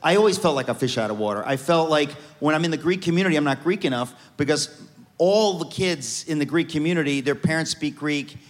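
Animated joking man in a reverberant hall. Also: a little high, a little fast. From United States. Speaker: guest author. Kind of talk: storytelling interview on stage.

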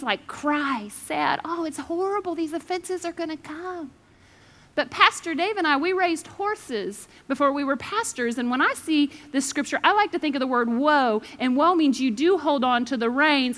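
A woman pastor giving a lively, joking sermon with dramatic pauses. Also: high-pitched.

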